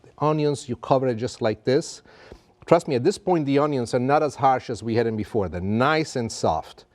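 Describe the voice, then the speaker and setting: A man's voice: mid-range voice, moderate pace. Man presenting a cooking show. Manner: warm, theatrical and self-amused, drawing out words. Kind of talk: cooking demonstration to camera.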